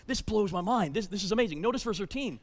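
A man with a high, ringing voice preaches a sermon, pressing his points with urgency and then dropping to a hush. He stumbles into repeated words as he restarts a thought. The sound carries the long reverb of a large church hall. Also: animated, fast talker. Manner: emphatic, swings between loud urgency and hushed tones. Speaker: pastor.

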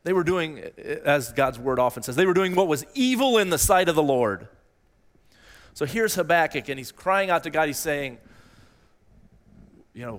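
A man preaching an earnest sermon, his voice sitting a little high for a man. He repeats phrases as he works through his points and lifts his pitch sharply when voicing pleas. The sound rings with the long reverb of a large hall. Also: lively intonation, a little slow, pauses often, fairly bright tone. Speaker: pastor.

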